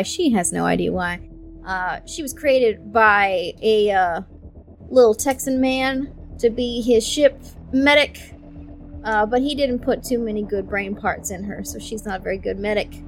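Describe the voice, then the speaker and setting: Bright-pitched woman, playful player. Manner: playful, comic delivery. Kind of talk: introducing her character.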